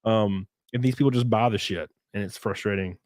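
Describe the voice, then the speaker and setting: Young guy hosting a podcast, talks fast and loose, swears a lot, dry close mic sound. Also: fairly low pitch, dry recording. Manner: excitable, swears a lot, jokes with mock voices. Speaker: podcast host. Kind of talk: casual chat.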